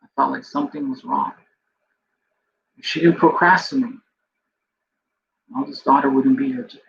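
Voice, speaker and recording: A podcast host telling a personal story in a rambling way, full of fillers like "you know", and emotional to the point of tears. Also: male voice, mid-range voice, fairly even intonation, moderate pace, vocal fry. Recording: dull lo-fi recording with faint background noise.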